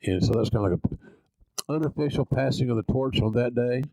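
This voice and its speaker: A man's voice: medium pitch, moderate pace, vocal fry, dark tone, dry recording, poor audio. An older man with a Southern Oklahoma accent, hosting a podcast and telling stories in a folksy, salty, self-deprecating way. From Oklahoma, USA. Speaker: podcast host. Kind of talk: casual storytelling.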